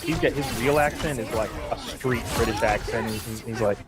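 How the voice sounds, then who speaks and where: A man who is a guest on a podcast, telling stories in an animated way with lots of stammered restarts. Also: mid-range voice, fairly quick, over loud music. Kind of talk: casual chat.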